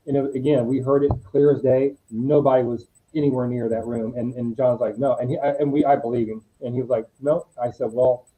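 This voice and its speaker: A middle-aged man, a podcast guest, talks with a very mellow, dark tone. His storytelling is animated and wanders off on tangents. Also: medium pitch, brisk, few pauses, rough recording. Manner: animated, digressive talker. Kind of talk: casual storytelling.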